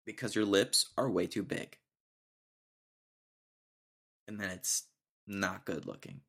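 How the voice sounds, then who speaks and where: A man's voice: on the low side, moderate pace, fairly bright tone, breathy edge. A young man hosting a casual solo podcast, ranting sarcastically and laughing often. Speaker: podcast host.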